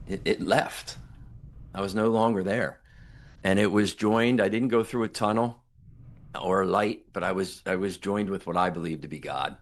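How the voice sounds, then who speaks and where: Deep-voiced older man telling his story. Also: normal speed. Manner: earnest, reflective, retells dialogue with emphatic quotes. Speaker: guest, near-death survivor and author. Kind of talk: podcast interview storytelling.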